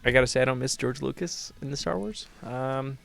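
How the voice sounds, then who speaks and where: A man's voice: mid-range voice, a little fast, vocal fry, fairly bright tone. A young man co-hosting a casual podcast chat, rambling with lots of fillers. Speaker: podcast co-host.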